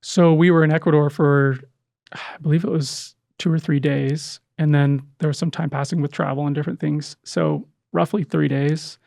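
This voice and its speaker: A middle-aged man telling an emotional personal story in conversation, earnest and halting, with many restarts. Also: a little high, flat delivery, creaky, darkish tone, no room sound, clean studio sound. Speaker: podcast guest, adoptive father.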